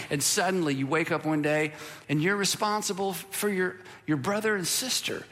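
A man preaching a sermon in a church sanctuary, talking in a conversational way and hammering points home by repeating them. His voice sits high and sounds bright and forward. The sound carries a long reverb from the hall. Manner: conversational, self-deprecating, emphatic repetition. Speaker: pastor.

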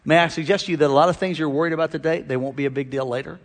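A middle-aged pastor delivers an animated sermon, his fairly high male voice ringing through a big church hall with a long reverb tail. He drops low and quiet to tell stories, then climbs back up to call on the congregation. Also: rapid-fire. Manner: animated preacher, swinging from loud exhortation to quiet storytelling.

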